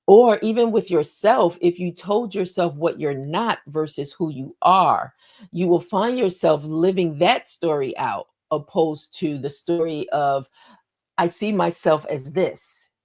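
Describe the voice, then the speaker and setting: Female motivational host, lowish voice, encouraging, repeats lines and asks the listener questions. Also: animated, unhurried, darkish tone. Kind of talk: motivational talk.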